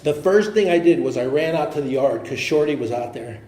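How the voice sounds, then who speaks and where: A middle-aged man from the Pittsburgh area tells his personal recovery story as an AA speaker in a meeting hall. His voice sits on the high side and sounds reverberant; he is earnest and animated, laughs readily, and sometimes drops to a murmur.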